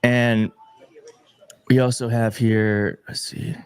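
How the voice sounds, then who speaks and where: A young man chatting casually on a live stream, thanking viewers one by one. His voice sits at an ordinary middle pitch, and his talk is grateful and emotional, with small stumbles. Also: level tone, takes it slowly, smooth, no echo, clean studio sound. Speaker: livestream host reading viewer donations.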